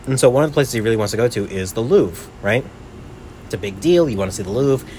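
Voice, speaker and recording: A man's voice: medium pitch, animated, quick pace, darkish tone, a little hiss or hum. A young man and podcast host telling a travel story in a rambling casual way, full of "like" and "right?".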